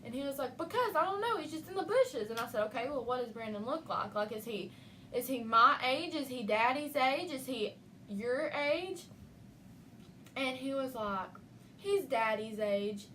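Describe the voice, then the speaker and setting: A woman's voice: on the high side, measured pace. A young woman casually telling a spooky story about her nephew, acting out his lines. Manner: animated, acts out a child's lines. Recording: faint noise, voice from a distance.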